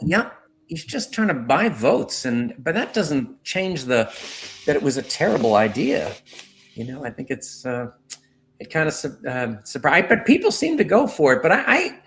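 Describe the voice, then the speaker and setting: A man in his sixties, a guest telling rambling, lively stories in a casual interview. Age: 60s. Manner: rambling storyteller with lively pitch.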